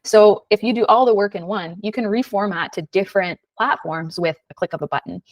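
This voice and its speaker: A woman's voice: mid-range voice, fairly quick, no echo, distant mic. A woman hosting a live screen-share tutorial, chatty and casual, with lots of fillers and "right?" tags. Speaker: webinar host, design instructor.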